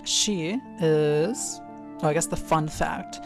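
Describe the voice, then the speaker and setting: A woman's voice: low voice, slow pace, over music. A woman in a tabletop game, chatting casually and swearing freely. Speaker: player. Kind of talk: casual chat.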